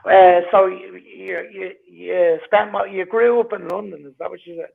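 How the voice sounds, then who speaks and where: Host, man, high gravelly voice, stammers through blunt questions, tinny call line. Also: fairly even intonation, moderate pace. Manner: stammering, repeats words, blunt. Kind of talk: casual live panel chat.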